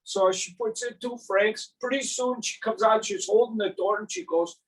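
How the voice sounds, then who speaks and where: An older man telling a lively, animated story in a gardening talk, acting out sound effects. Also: high voice, moderate pace, distant mic, low-quality recording. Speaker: gardening speaker.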